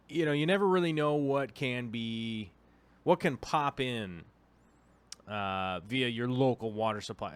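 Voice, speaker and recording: A man's voice: medium pitch, a bit bright. Chatty man hosting an aquarium livestream. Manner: rambling, chatty, frequent fillers; drops to a near whisper to avoid waking the dog. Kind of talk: casual livestream chat.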